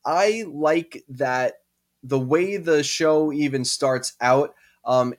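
A man's voice: fairly high pitch, slow. Rambling man co-hosting a podcast. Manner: rambling, hesitant with many fillers and restarts. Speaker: podcast co-host. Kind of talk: casual chat.

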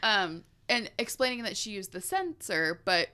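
A woman with a bright, ringing voice talks casually as a podcast co-host. She recaps a book chapter in a chatty way and breaks into laughs often. Her pitch sits in a middle range. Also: big pitch swings, normal speed, clear, resonant tone. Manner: chatty, laughs often while recounting the story. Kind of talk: casual chat.

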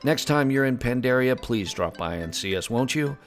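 A man's voice: mid-range voice, lively intonation, normal speed, faint music behind, natural voice. Man playing a cheerful young Pandaren host. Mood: upbeat. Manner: upbeat, folksy, bashful. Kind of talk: in-character tavern review podcast.

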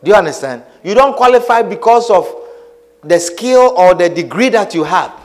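A man pastor preaching a sermon, calling questions out to the congregation, dropping into quiet asides and then shouting with laughter. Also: high voice, animated, normal speed, low-quality recording. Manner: call-and-response preaching, asks the congregation questions; swings between quiet asides and shouted emphasis, laughing often. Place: church hall before a congregation. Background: congregation responding.

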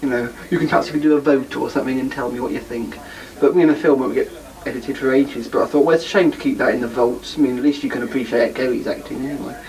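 A man's voice: mid-range voice, steady tone, fast talker, few pauses, a little mellow, far from the mic, poor audio. A man talking casually to his viewers as host, rambling and self-deprecating. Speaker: podcast host.

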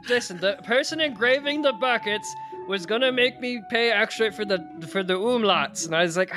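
A man playing his character in a tabletop game, rambling excitedly with many restarts. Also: sits high, a little fast, few pauses, over music. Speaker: player. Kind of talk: tabletop role-play in character.

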